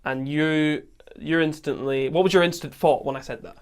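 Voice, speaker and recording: A podcast host with a Scottish accent and a clean, somewhat high voice tells a camping story at normal speed. His manner is casual and animated, with acted-out quotes and frequent laughter.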